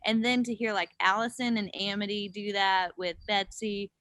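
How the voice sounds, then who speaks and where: A woman's voice: mid-range voice, moderate pace, no echo. A young woman, a pro cyclist, telling race stories in a casual chat, acting out quotes and swearing freely. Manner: animated storyteller, acts out quotes, swears freely. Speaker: pro gravel cyclist guest.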